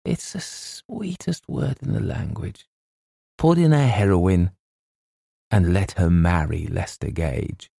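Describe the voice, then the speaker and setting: A man voicing a gruff middle-aged Scottish literary agent with a quavering voice, blunt and then tearfully wistful. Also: sits low, slow pace, dark tone, dry recording, studio quality, heavily acted. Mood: brisk, scoffing.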